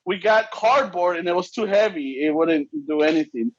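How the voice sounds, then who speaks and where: A man's voice: high-pitched, expressive, moderate pace, highs cut off. A man co-hosting a podcast, joking in casual chat and mixing Spanish into his English. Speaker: podcast co-host.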